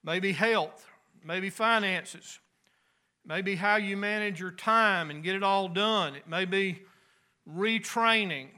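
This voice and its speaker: A pastor preaching a sermon in a folksy, conversational way with homespun asides. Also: male voice, high voice, takes it slowly, pushed and bright.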